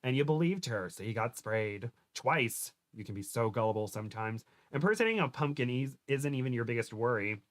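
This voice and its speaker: A man's voice: medium pitch, lively intonation, a little fast, few pauses. Young man, giggly, self-deprecating, casual chat, reading aloud. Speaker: podcast co-host reading fan fiction aloud.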